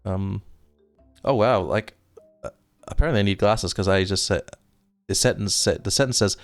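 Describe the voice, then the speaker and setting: A native German speaker from Germany chats casually on a live stream, reading viewer comments aloud and rambling self-deprecatingly with frequent chuckles. His lowish, creaky voice moves at a moderate pace. A desk microphone captures it without echo, with soft background music.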